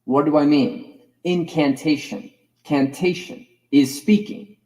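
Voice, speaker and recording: A man's voice: on the high side, takes it slowly, dark tone, rough recording. A man giving a reflective, digressive lecture as a course teacher, musing over the roots of words.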